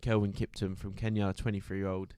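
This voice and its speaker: Low-voiced man chatting casually. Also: little pitch movement, brisk, dark tone, clean tone, no echo, studio quality. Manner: chatty, laughs easily. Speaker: podcast co-host. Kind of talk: casual football podcast chat.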